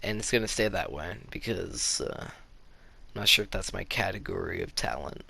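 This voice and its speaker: A man's voice: deep voice, normal speed, gravelly, pushed and bright, slightly rough. A teenage boy telling a casual story-time tale to his viewers, rambling with lots of "like" fillers. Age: teens. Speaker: YouTuber.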